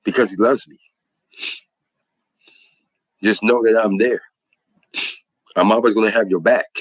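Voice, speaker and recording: Husky low-voiced man testifying. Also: fairly even intonation, a little slow, dry recording, poor audio. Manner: preacherly, repeats phrases for emphasis. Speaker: speaker giving religious testimony. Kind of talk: impassioned spoken testimony.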